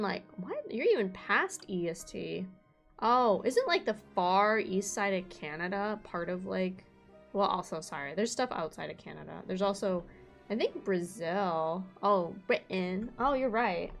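A woman's voice: mid-range voice, unhurried, vocal fry, faint music behind. Bubbly young woman streamer chatting. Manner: bubbly, excitable, chatty with chat. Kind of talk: casual live-stream game chat.

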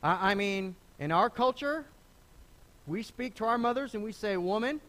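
A middle-aged man preaching a sermon as pastor, conversational and animated, often restarting phrases and acting out the people he quotes. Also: high voice, normal speed. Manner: lively, conversational preaching with repeated starts and acted quotes. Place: church sanctuary.

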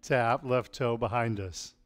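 A man teaching a live-streamed tai chi class at home, calmly calling out movements and telling deadpan puns to an audience he can't hear. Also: mid-range voice, takes it slowly, faint music behind. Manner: calm cueing of movements mixed with deadpan puns.

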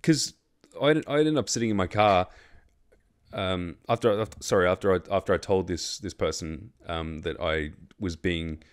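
A man's voice: deep voice, moderate pace. An Australian man hosting a casual chat, telling a long story in a rambling way with lots of fillers, restarts and swearing. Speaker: host.

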